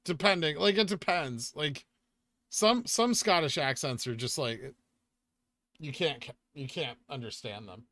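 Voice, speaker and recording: A man's voice: fairly high pitch, lively intonation, measured pace, sharp tone. A man with a Californian accent, chatting casually while hosting a live trading stream and answering questions from chat. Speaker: livestream host.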